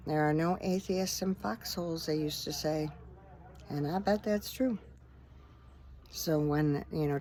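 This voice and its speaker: A woman's voice: fairly low pitch, darkish tone, a little hiss or hum. A middle-aged woman minister chatting earnestly into her phone camera for her vlog, rambling with fillers. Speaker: vlogger and minister. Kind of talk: casual faith-talk vlog.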